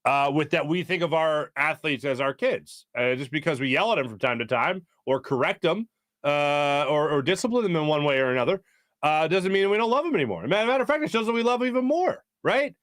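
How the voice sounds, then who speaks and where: A man hosting a live sports talk stream, reading viewer comments in a loose, joking way full of fillers. His voice sits a little high for a man. The studio sound is dry and close, with no room echo. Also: animated, a little fast, fairly bright tone. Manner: loose, jokey, reads chat aloud with many fillers. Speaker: sports talk show host. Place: small studio.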